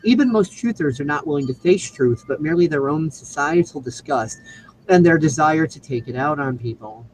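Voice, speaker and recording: Preachy man with lively swings in pitch. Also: moderate pace, a little hiss or hum, poor audio. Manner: emphatic, preachy, profane. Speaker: show host. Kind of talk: scripted monologue.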